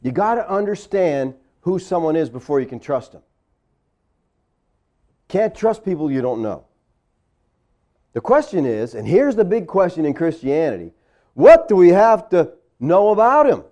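Male pastor, conversational sermon, high and lively voice, keeps asking the room "okay?", acts out the people he quotes. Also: moderate pace, long pauses. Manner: conversational preaching with frequent "all right?" and "okay?" checks; acts out quoted voices with big pitch swings.

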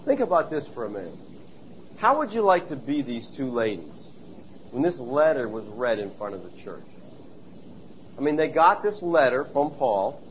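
A man preaching a sermon, telling stories and acting out voices with lively animation. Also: mid-range voice, normal speed, long pauses, lo-fi sound, a little hiss or hum. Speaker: pastor.

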